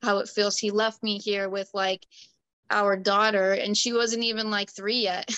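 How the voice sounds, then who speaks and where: Bright-voiced young woman telling her story. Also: medium pitch, flat delivery, unhurried, smooth, no room sound, lo-fi sound. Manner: candid, emotional, quotes others. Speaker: client. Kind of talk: personal storytelling.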